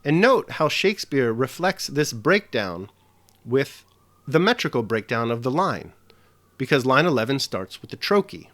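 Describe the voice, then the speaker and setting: A man's voice: mid-range voice, very animated, moderate pace, fairly bright tone. A man narrating a scripted literature lesson, explaining poetry with emphatic stresses. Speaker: literature teacher.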